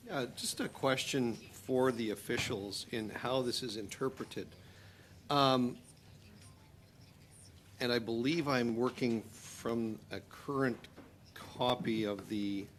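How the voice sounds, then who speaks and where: A man on a committee, deliberately questioning officials about an amendment. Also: mid-range voice, fairly even intonation, noisy background. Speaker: committee member.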